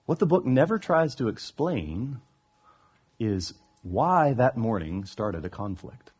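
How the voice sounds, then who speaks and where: A man preaching a sermon as a pastor, telling a story in an animated way, with touches of humor. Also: mid-range voice, slow pace, breathy edge.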